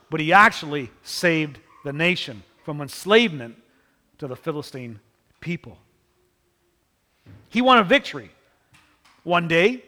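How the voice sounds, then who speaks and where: A man preaching a sermon, telling the story in an animated way and acting out the people in it. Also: sits high, big-room sound. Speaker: pastor.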